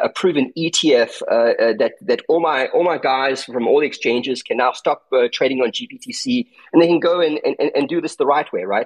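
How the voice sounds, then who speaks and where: A man's voice: medium pitch, husky, rough recording. A man with a South African accent giving emphatic market commentary in an online audio chat, tagging his points with "okay?" and "right?". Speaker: crypto trader and guest speaker.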